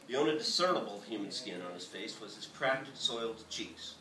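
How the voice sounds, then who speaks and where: A man, the author, reading his novel aloud in a bookstore with a lively, expressive delivery. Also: lowish voice, fairly quick, noisy background. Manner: lively, expressive reading with shouted character lines. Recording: echoey bookstore from far off.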